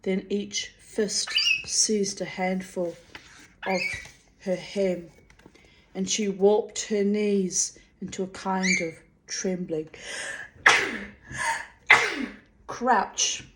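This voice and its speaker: Brief: a woman reading aloud from a novel, unhurried and gentle, mid-pitched. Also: background noise. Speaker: reader. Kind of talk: audiobook narration.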